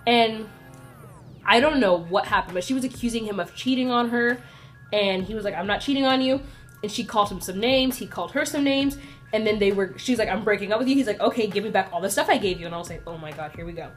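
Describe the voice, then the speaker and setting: A young woman tells a personal story to camera in a chatty, animated way, jumping into the voices of the people involved. Her pitch sits in an ordinary middle range. Soft music plays faintly underneath. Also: fast. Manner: chatty and animated, acting out quoted lines. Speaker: storytime vlogger. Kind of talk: casual storytelling. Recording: faint music playing behind.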